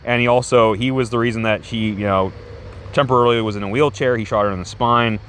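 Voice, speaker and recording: A man's voice: medium pitch, steady tone, fast talker, a bit bright, a little hiss or hum. A man casually reviewing a comic book, rambling and enthusiastic with many restarts.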